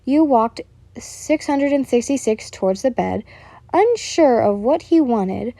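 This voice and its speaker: A woman's voice: on the high side, expressive, a little slow, creaky, dark tone, dry recording. A woman reading a fan fiction story aloud, stumbling and correcting herself as she goes.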